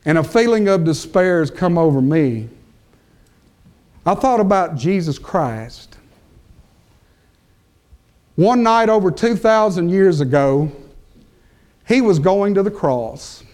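A man preaching a sermon, slow and emphatic, with long pauses and rising peaks of intensity. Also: high-pitched, expressive, darkish tone.

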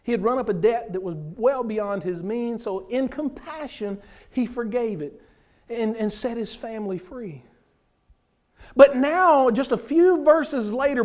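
A man's voice: very high voice, a little mellow. A man preaching a sermon, explaining scripture verse by verse in an earnest way.

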